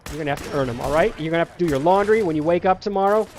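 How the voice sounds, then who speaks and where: A man's voice: a little high, very fast, a little mellow, slight background noise. A man casually commenting on his own gameplay, playfully talking to the characters on screen like a parent sending children to bed. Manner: playful, talks to game characters like a scolding parent. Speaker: gameplay streamer. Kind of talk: casual let's-play commentary.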